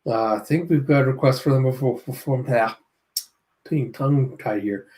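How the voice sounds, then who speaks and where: A man's voice: medium pitch, darkish tone. Guy casually going through a comic chapter panel by panel, dry little asides. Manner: narrates panels, slips into quick character voices. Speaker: manga reviewer.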